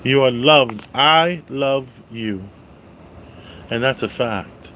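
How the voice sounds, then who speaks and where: A man reviewing a movie on a casual livestream, greeting viewers by name and loudly repeating his catchphrases. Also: medium pitch, slow pace, a little hiss or hum.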